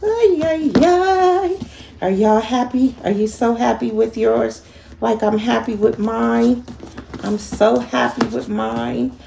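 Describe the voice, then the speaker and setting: A woman's voice: on the high side, level tone, slow, creaky. A woman giving a chatty sewing tutorial to her viewers, laughing at herself as she works. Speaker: sewing instructor. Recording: echoey room with faint ambient noise.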